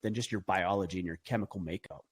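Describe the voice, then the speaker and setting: A man's voice: deep voice, fast talker, husky. Emphatic middle-aged man making his case. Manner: earnest, emphatic, builds arguments with rhetorical questions. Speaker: podcast guest. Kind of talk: conversational podcast talk.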